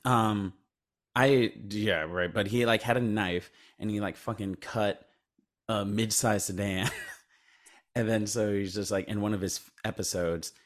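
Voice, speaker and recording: A man with a fairly low voice, co-hosting a casual movie podcast. He rambles through the plot, swears freely and drops into a low mumble when quoting characters. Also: steady tone, a little slow. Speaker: podcast co-host. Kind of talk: casual movie-review chat.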